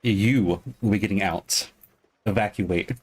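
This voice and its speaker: A man playing a tabletop game, talking loudly and casually about his character's actions. His voice is low for the table. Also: slow, slightly rough. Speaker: player. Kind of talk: casual tabletop role-play.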